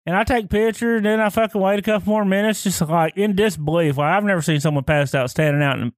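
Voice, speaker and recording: A man in his thirties co-hosting a podcast, telling profane, animated anecdotes in casual chat. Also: high voice, quick pace, no room sound. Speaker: podcast co-host.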